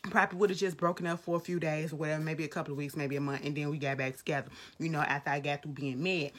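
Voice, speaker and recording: Woman vlogger, slightly low voice, blunt and profane, animated film talk. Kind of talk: casual chat.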